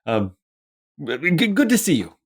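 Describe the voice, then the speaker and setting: A man's voice: a little high, huge pitch swings, a little slow, pitched above the performer's own voice, full character voice. A man voicing a stammering old male merchant who stumbles over his words. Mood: warm, flustered.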